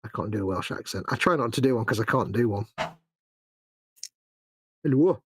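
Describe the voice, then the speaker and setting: A man's voice: lowish voice, very fast, fairly bright tone, slight background noise. A middle-aged man co-hosting a live hobby stream, teasing his partner and reading out viewer comments. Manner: teasing, jokey. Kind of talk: casual banter.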